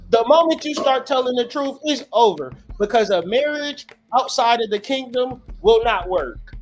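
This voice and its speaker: A man hosts a profane, preachy monologue, mixing street talk with scripture. He speaks emphatically and drives each point home. Faint music plays behind him. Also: sits high. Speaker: host.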